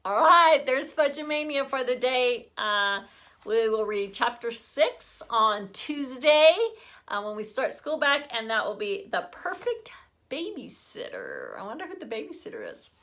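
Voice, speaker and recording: Teacher, woman, expressive read-aloud with asides; high, bright voice. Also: unhurried. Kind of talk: reading a children's book aloud.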